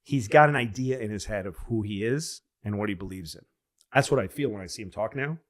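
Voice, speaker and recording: A man co-hosting a comedy podcast in casual chat, rambling, losing his thread, and loudly acting out the people he quotes. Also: fairly low pitch, brisk. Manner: rambling, loses his train of thought, acts out quotes loudly. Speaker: podcast co-host.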